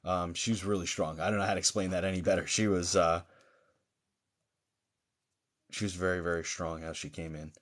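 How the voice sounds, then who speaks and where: A man hosts a live-streamed psychic reading, his voice sitting a little lower than most. He feels his way through the session in a halting manner, full of pauses and fillers. His tone toward viewers stays gentle and reassuring. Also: fairly even intonation. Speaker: psychic medium.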